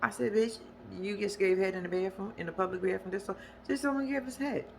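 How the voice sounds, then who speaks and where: A woman's voice: mid-range voice, fairly quick, creaky, a little hiss or hum. A young woman giving a sassy, slangy recap of a reality show, mimicking the cast in squealing voices. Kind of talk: casual recap commentary.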